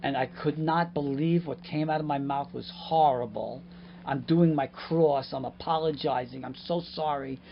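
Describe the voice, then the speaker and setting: A man, a podcast guest and comedian, telling animated stories in casual chat, outdoors at a harbor. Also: fairly high pitch, normal speed, vocal fry, slight background noise. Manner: animated, acts out voices in his stories. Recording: dull lo-fi outdoor recording with faint ambience.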